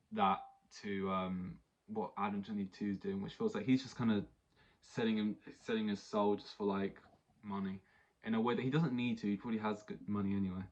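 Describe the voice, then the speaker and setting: A young man rambles through a solo podcast episode in a low voice. He leans on fillers and keeps circling back to his point. The recording sounds dull and lo-fi. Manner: rambling, many fillers and restarts. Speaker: podcast host. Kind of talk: solo casual podcast monologue.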